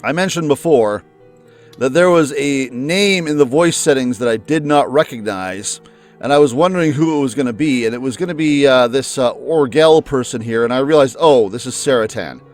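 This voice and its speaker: Chatty, musing male game host. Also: normal speed. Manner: chatty, musing, with lively jumps in pitch. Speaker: let's play host. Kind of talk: casual commentary before a game. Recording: faint music underneath.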